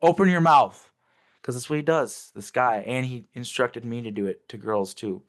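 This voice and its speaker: A man's voice: mid-range voice, moderate pace. Guy telling his story in an interview, emotional and intense, swears a lot, middle of the range voice. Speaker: interview guest. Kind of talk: casual recounting of memories.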